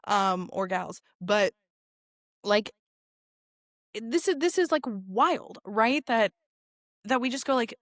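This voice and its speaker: A woman rabbi talking casually as a podcast guest, animated and sarcastic, with lots of asides and filler words. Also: fairly high pitch, slow, pauses often, no room sound, clean studio sound. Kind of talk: casual conversational interview.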